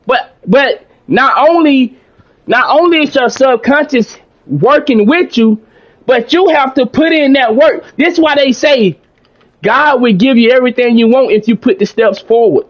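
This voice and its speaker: Guy with a really high voice talking to his stream chat, preachy motivational rambling, aave. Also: measured pace. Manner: preachy, motivational, repeats himself, reads out chat. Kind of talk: casual livestream chat.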